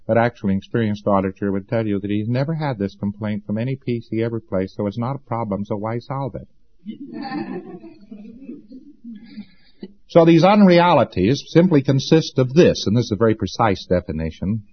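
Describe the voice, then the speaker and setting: A man's voice: mid-range voice, sing-song, a little fast, muffled recording. A man giving an informal lecture to students, folksy and sarcastic, hammering points home by repeating them. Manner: folksy and sarcastic, with emphatic repetition.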